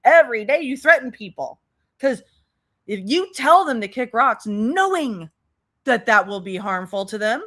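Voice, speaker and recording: A woman's voice: a little high, expressive, moderate pace, fairly bright tone. A woman hosting a reaction commentary, talking in a sarcastic, mocking way. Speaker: commentary channel host.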